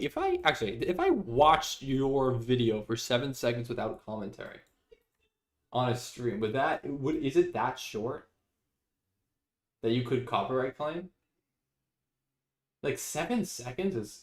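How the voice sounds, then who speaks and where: A man's voice: medium pitch, big pitch swings, measured pace, long pauses. A young man streaming live, chatting casually with viewers, reading their messages aloud and laughing often.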